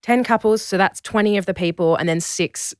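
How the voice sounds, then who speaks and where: A young woman guesting on a podcast, telling stories in an animated way and acting out other people's lines. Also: medium pitch, fairly quick, no echo, studio quality. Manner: animated storyteller, acts out quotes in voices. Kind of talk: casual conversation.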